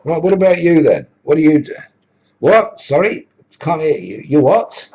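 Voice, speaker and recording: A man's voice: fairly high pitch, big pitch swings, normal speed, dull audio, pitched above the performer's own voice. A man voicing a pompous, bossy Jesus figure who quizzes people, in a raised, brusque voice. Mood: quizzing. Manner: dismissive, interrogating.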